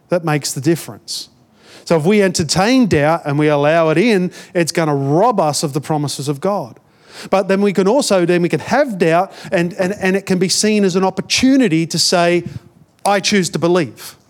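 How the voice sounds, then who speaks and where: A man with an Australian accent, a pastor giving a conversational sermon, often repeating words as he builds a point. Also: high voice.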